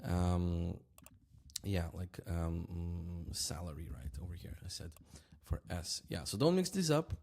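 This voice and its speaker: Teaching a language in a casual, unhurried manner, a man speaks in a deep, creaky voice. Example words get repeated slowly, and he checks in with "right?" again and again.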